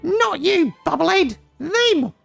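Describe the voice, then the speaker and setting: A man's voice: extremely high pitch, sing-song, slow, creaky, a bit bright, no room sound, soft background music, pitched above the performer's own voice, heavily acted. A man voicing a fussy older noblewoman in a game, squealing and theatrical. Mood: indignant.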